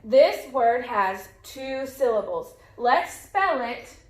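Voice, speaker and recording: Woman, classroom phonics teacher; slightly high voice, very slow and deliberate delivery, echoey room sound. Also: expressive, a little hiss or hum. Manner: slow, clear, drawn-out modeling of sounds with repetition. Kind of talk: phonics lesson for young children.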